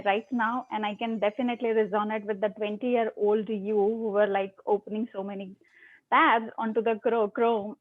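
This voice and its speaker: A woman giving an appreciative speech evaluation at a club meeting. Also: a little high. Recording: tinny phone-like line.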